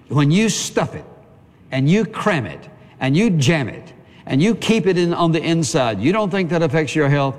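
A man's voice: fairly high pitch, sing-song, normal speed. A man preaching a sermon as pastor, earnest and conversational, piling up repeated phrases. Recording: long reverb of a big hall.

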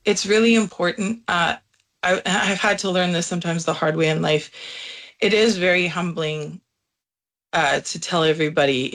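A woman voice teacher from Canada being interviewed, speaking earnestly and chattily with halting restarts. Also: on the low side, a bit bright. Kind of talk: casual interview.

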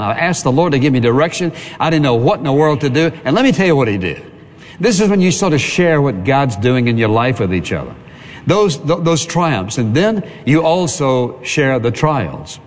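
Man, pastor, earnest sermon, long hall reverb, church sanctuary. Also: mid-range voice. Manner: earnest preaching with call for amen.

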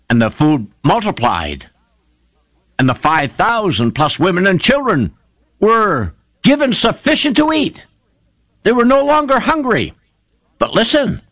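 A man's voice: medium pitch, a bit bright, no room sound. A man preaching a sermon, retelling scripture stories with fervent, emphatic delivery. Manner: fervent, emphatic storytelling with rising exclamations.

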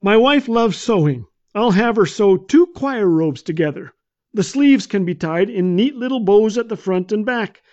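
Brief: man playing fretful short bald pastor, high voice, muffled lo-fi. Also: animated, moderate pace, darkish tone. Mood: scheming. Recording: dull lo-fi.

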